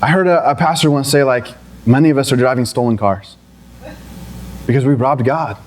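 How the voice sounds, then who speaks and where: A man's voice: mid-range voice, a little fast, a little hiss or hum. A young adult man preaching a sermon in a conversational way, often restarting and then climbing into emphatic, pleading passages. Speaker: pastor.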